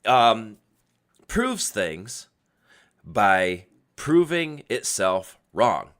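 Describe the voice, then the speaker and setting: Low, bright-toned man who explains at length and laughs a lot, for a casual live-stream host. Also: big pitch swings, extremely slow. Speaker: podcast host answering questions.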